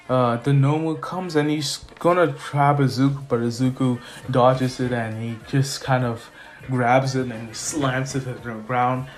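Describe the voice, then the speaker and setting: A man casually telling a fan-made story, rambling, with many fillers and restarts. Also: mid-range voice.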